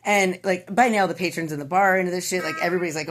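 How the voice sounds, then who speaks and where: A woman's voice: fairly low pitch, very fast. Profane woman telling a joke. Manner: profane, animated storytelling.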